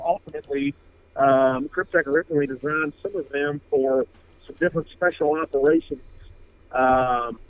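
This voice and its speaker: A man's voice: fairly high pitch, no echo, narrow, tinny audio. A man, co-founder of a fishing apparel brand, talking casually in a radio interview, rambling with many fillers and restarts.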